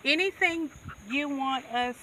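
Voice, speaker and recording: Here a goat farmer vlogger coaxes her animals and laughs often while chatting casually in her farm vlog. Her high voice is bright and forceful, delivered at a measured pace. A distant outdoor mic captures it along with background noise.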